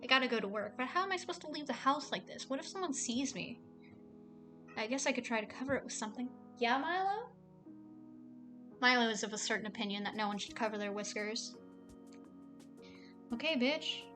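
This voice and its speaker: A young woman streaming a game, reading the story aloud and chatting, sarcastic and quick to swear. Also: fairly high pitch, music in the background.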